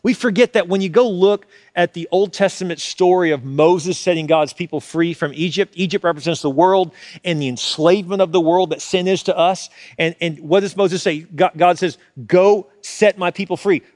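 A man's voice: sits high, moderate pace, a little mellow, dry recording, clean studio sound. A male pastor preaching a passionate sermon and acting out the quoted lines.

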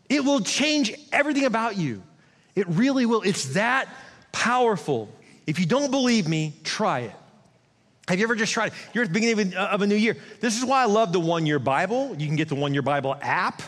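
High-voiced animated preacher in a reverberant hall. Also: male voice. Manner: animated, conversational preaching with quick asides. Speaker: pastor. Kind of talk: sermon.

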